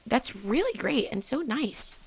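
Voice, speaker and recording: A woman chats through a relaxed let's play at an unhurried pace. Her voice carries a gravelly, fry-laden texture, and she gets excitable and sometimes whispers. A faint hiss sits behind the desk mic. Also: on the high side. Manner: chatty, excitable, drops into whispers. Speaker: gaming channel host. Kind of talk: casual let's play commentary.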